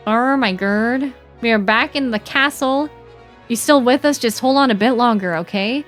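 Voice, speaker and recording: A woman's voice: fairly high pitch, a little slow, faint music behind. Chatty, giggly young woman streaming a game. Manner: chatty, giggly, animated, with many fillers like "like". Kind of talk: casual chat while livestreaming a game.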